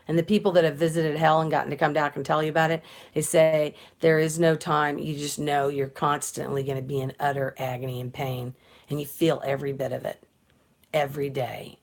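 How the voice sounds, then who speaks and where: A woman with a notably low, deep voice talks earnestly about faith, drifting toward a sermon. She is middle-aged and casual, and her speech is full of restarts and filler sounds. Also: moderate pace. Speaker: political commentator.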